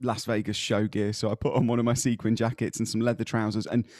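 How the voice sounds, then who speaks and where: A man co-hosting a casual podcast, telling animated, rambling stories with plenty of ums and restarts. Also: fairly low pitch, fast talker, dry recording. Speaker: podcast co-host. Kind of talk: casual chat.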